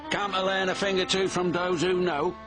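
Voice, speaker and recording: A man's voice: high voice, little pitch movement, moderate pace, over music, voice pushed up, natural voice. A man voicing a sly male diesel engine who talks in an oily, teasing way. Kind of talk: storybook character voice.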